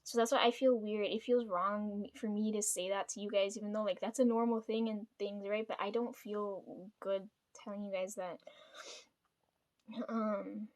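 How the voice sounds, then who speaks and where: Telling a family story, a young vlogger vents in a relaxed way, cursing often and packing her speech with fillers such as "like." She speaks at a normal pace in a steady, darkish, mid-range voice.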